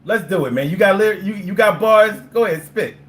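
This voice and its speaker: A man's voice: sits high, brisk, a crowd in the background. A man from hosting a live call-in show, chatting loosely and freestyling a swearing rap battle with a caller. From Philadelphia. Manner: loose, swearing, playful trash talk.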